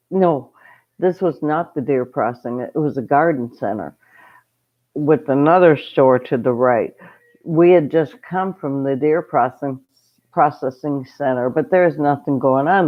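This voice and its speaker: A woman's voice: low voice, highs cut off. A woman hosting a homestead channel, telling a story in a casual livestream and breaking off to greet viewers. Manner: chatty, rambling, greets viewers mid-story.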